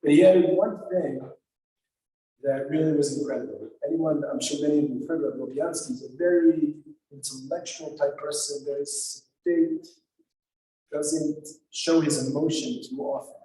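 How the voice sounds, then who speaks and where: A man's voice: on the high side, animated, normal speed, warm tone. A man, a rabbi, explaining liturgical lament poems in an earnest, emotional storytelling manner in a synagogue sanctuary. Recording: very echoey hall from far off.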